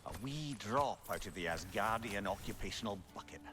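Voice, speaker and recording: A man as a wry game companion, lilting, lowish voice, lively pitch. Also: brisk, natural voice. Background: game music.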